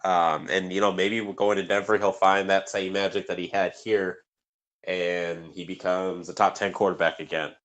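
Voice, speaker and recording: A man's voice: deep voice, little pitch movement, normal speed, a bit bright. A man co-hosting a sports podcast, talking casually and rambling with many fillers and restarts. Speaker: podcast co-host.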